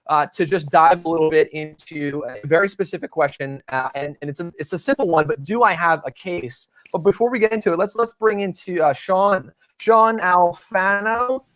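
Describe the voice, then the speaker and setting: A man hosting a live show in a relaxed, chatty way. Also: sits high, fairly quick, dry recording. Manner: relaxed, chatty, laughs easily. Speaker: host.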